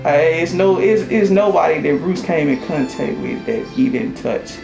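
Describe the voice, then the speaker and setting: A man giving a halting, emotional memorial tribute to a coworker, sighing between phrases. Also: on the high side, expressive, gravelly. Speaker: UPS driver and coworker. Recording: roomy echo with music behind.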